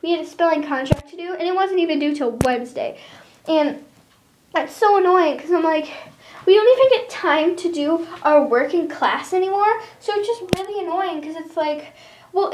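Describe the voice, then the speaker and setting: High-pitched teenage girl ranting. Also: darkish tone, slight background noise. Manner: exasperated, rambling with many likes. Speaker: vlogger. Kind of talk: casual ranting vlog.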